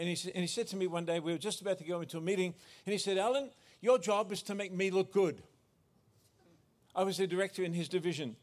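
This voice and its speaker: High-voiced man preaching a sermon. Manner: earnest, with frequent restarts and self-corrections. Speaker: pastor.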